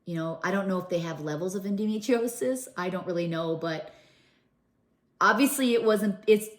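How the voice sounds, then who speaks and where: A woman's voice: mid-range voice, normal speed. Emotional middle-aged woman, roomy echo. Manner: earnest, emotional, with many fillers and restarts. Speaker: vlogger. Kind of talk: personal storytelling to camera.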